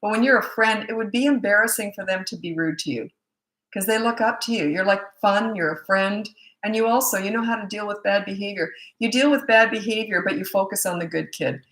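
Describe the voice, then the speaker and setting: Lively woman coach in an echoey room. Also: mid-range voice, brisk. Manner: lively, acts out quoted parents and kids in changed voices. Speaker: parenting coach. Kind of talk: casual live Q&A talk.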